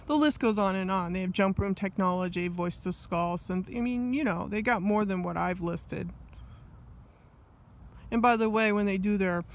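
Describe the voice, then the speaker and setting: Agitated high-voiced man rambling. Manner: agitated, rambling, many asides and restarts. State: angry. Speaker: vlogger. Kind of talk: rambling solo monologue.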